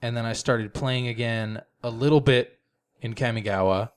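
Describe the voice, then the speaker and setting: A man's voice: mid-range voice, moderate pace, clear, resonant tone. A young man co-hosting a gaming podcast, chatting casually and explaining game rules at length. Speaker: podcast co-host. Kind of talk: casual chat.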